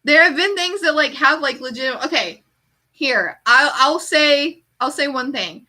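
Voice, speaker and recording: A woman streamer in casual chat, an animated storyteller who fills her talk with "like". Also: high-pitched, a little slow. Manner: chatty, heavy use of "like".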